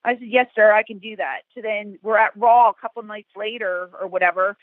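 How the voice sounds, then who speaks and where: A woman's voice: mid-range voice, a little fast, no echo. Woman telling a story over a tinny line. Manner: animated anecdotes, acting out quotes. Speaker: guest. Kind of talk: storytelling interview. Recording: tinny phone-like call, dry.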